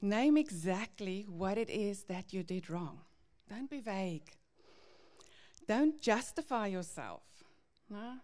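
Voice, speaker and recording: A woman giving a devotional teaching to parents, earnest and gently confessional as she reads out Bible verses. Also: mid-range voice.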